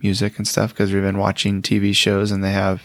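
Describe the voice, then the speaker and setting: A man's voice: deep voice, completely flat delivery, brisk, a bit bright, no room sound. A middle-aged man co-hosting a podcast in casual, wry chat. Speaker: podcast co-host.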